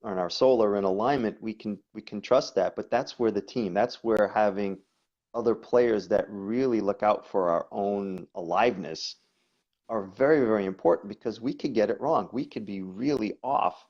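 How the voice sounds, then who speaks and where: A man, a guest coach, talking casually and telling stories in an animated way, often repeating words. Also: lowish voice, moderate pace. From New York. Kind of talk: conversational storytelling. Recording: dull lo-fi audio.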